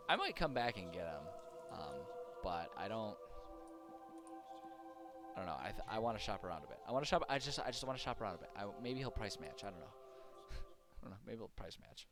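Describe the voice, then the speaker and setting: A male game streamer with a lowish voice that bounces up and down as he chats. He talks in a self-deprecating way and laughs often, with game music running under him. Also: very animated, fairly quick. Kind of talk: casual gaming commentary.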